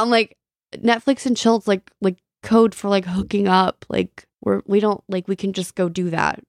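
Brief: female co-host, mid pitch, dry close mic, chatty and bubbly with some swearing. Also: steady tone, moderate pace, dry recording. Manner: bubbly, gossipy storyteller who swears and mimics others. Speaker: podcast co-host. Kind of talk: casual chat.

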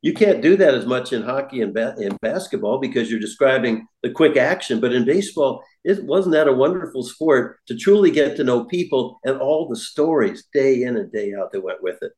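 A man's voice: medium pitch, lively intonation, brisk, hardly any pauses, reverberant. An older man, a former baseball broadcaster, telling stories in a chat and laughing easily. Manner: warm storyteller who laughs easily. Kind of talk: storytelling in a podcast chat.

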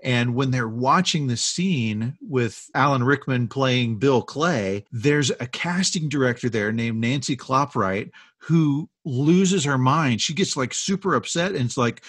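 Chatty husky-voiced man. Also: mid-range voice, expressive, unhurried, few pauses, a bit bright, dry recording, clean studio sound. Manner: chatty storyteller with restarts and asides. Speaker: podcast co-host. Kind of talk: casual chat about movie history.

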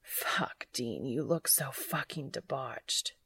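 A woman reading the part of an adult man in love, voicing him soft, low and breathy. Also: expressive, unhurried, no room sound, heavily acted. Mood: hushed, intimate. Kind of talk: audiobook character reading.

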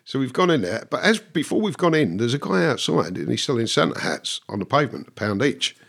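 A man's voice: medium pitch, big pitch swings, brisk, vocal fry, a bit bright, husky. A man, a guest who tells his stories bluntly, swears and laughs at himself. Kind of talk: casual storytelling.

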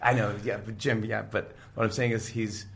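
A middle-aged man in casual chat, animatedly retelling sitcom scenes and acting out the characters' lines in quick impressions. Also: lowish voice, flat delivery, gravelly, a bit bright, slight background noise. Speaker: podcast guest, talk show host.

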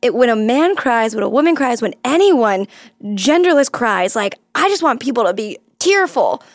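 A woman's voice: on the high side, big pitch swings, normal speed, dry recording. A woman hosting a comedy advice podcast, chatting earnestly and openly about feelings. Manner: earnest, emotionally open, chatty. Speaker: podcast host. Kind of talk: casual chat.

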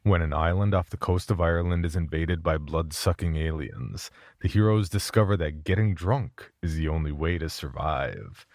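A man's voice: rumbling low, animated, moderate pace, hardly any pauses, darkish tone, no echo, clean studio sound. A young man from Minnesota with a Minnesotan accent, co-hosting a podcast in casual, rambling chat and laughing often. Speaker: podcast co-host.

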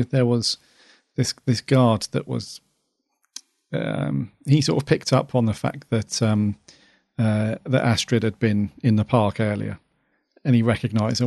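Laid-back man, gravelly voice. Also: medium pitch, a little mellow, no echo, clean studio sound. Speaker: podcast co-host. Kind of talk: casual chat.

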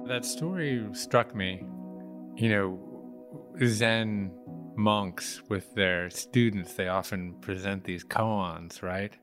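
Deep slow male podcast host, faint music under. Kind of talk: conversational interview.

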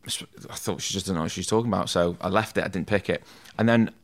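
A man's voice: low voice, fast talker. A man, a tattoo artist, telling stories from his school days in a casual podcast interview, often saying "mate" and "like". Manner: chatty, self-deprecating, says "mate" and "like" a lot.

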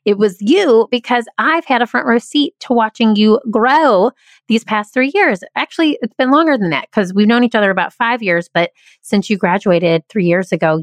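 Effusive woman host, mid pitch, dry close-mic podcast chat. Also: dry recording. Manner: enthusiastic, effusive.

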